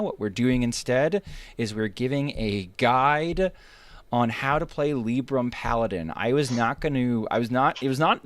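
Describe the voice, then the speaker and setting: A man's voice: medium pitch, no echo. A male streamer hosting a game guide in casual banter, blunt and joking with a profane streak and frequent restarts. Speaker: streamer and host.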